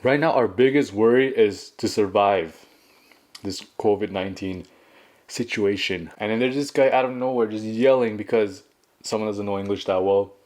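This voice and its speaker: A man's voice: lowish voice, normal speed, darkish tone. A young man from Canada telling a casual story while eating, chatty and full of fillers. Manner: chatty, filler-heavy storytelling with acted quotes. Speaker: mukbang vlogger.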